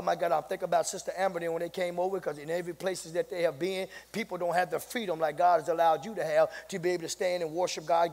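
A man, the pastor, a sermon and building to shouts, saying "my God" between phrases. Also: sits high, gravelly. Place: church sanctuary. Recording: long hall reverb.

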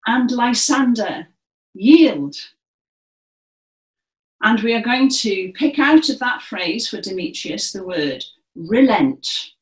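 Slow, encouraging woman leading a class. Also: lowish voice. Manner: encouraging, projecting theatrical delivery. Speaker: dance session leader. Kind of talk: guided movement class instruction. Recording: echoey room.

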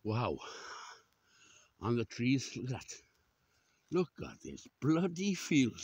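A Welsh vlogger in his sixties huffs his way up a hillside, offering casual walking commentary full of exclamations and swear words. His husky, somewhat dark mid-range voice swings hugely in pitch and moves slowly, captured in a dry recording.

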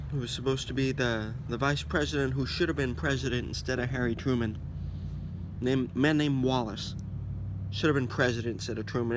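A man delivering an agitated, sarcastic political rant to camera, swinging between loud outbursts and mocking whispers, his voice going hoarse. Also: mid-range voice, noisy background. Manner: agitated, sarcastic, rising to near-shouts and dropping to mock whispers. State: losing his voice. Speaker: political commentator. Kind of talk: ranting monologue to camera.

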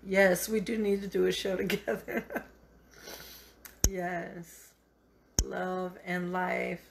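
A woman's voice: lowish voice, monotone, takes it slowly, creaky, noisy background. A middle-aged woman hosting a live cooking show, encouraging and a bit preachy, calling her viewers honey as she chats.

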